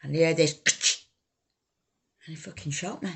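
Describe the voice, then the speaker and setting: A woman telling her own life story, halting, raw and emotional, swearing freely. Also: low voice, vocal fry, a little mellow, husky. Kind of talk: personal life story told to camera.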